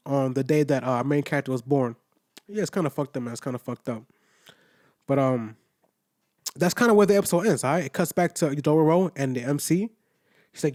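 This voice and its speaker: A man's voice: fairly high pitch, a little fast, long pauses, a little mellow. A young adult man reviewing an anime episode in a loose, profane, slang-filled casual recap, full of "you know what I'm saying" asides.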